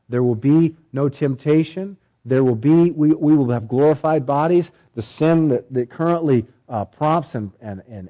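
A male pastor delivering a sermon, emphatic, with swelling pitch and repeated phrases. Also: dark tone, rough recording.

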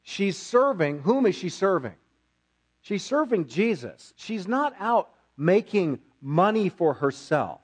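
A man's voice: sits high, sing-song, slow pace, husky. A man preaching a sermon as pastor, repeating key phrases for emphasis.

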